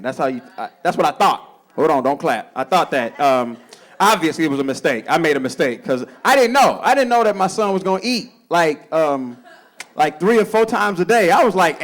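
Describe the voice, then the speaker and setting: A stand-up comedian working a live club crowd, his voice swinging high and low as he tells his stories. The man sits fairly high for his sex and acts out the people in his tales with big shifts in tone. He talks straight through a handheld stage mic. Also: lively intonation, brisk.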